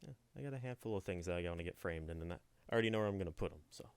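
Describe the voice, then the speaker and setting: Smooth low-voiced man, casual podcast chat. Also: lively intonation, racing, dry recording. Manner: laid-back, playful, trails off with "so". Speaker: podcast co-host.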